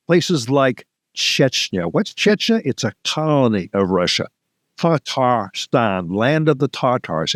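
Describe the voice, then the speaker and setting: Casting: man, mid-pitch, emphatic political guest, dry studio sound. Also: no room sound. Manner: emphatic, acts out quotes with rising pitch. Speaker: guest, policy think tank founder. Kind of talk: interview, political commentary.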